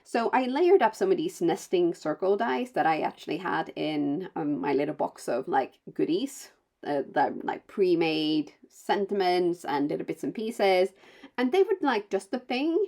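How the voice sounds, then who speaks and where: A woman's voice: on the low side, lively intonation, measured pace, a little mellow. A woman who is not a native English speaker, chatting through a card-making video in a rambling, bubbly way full of fillers and self-corrections. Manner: bubbly, with playful asides. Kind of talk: casual voice-over narration of a crafting video.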